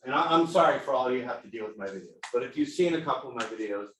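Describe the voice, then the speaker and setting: Animated man in an echoey room. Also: mid-range voice, very fast, a little hiss or hum. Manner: animated storyteller, acts out quotes. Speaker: title company rep giving a sales seminar. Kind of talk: casual workshop talk. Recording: echoey room, mic at a distance.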